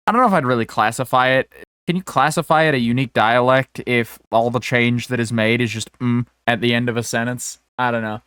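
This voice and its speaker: A man's voice: mid-range voice, brisk, a bit bright, smooth, no echo. A man co-hosting a podcast, chatting casually, opinionated and swearing, with many restarts. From American South or Southwest. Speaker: podcast co-host.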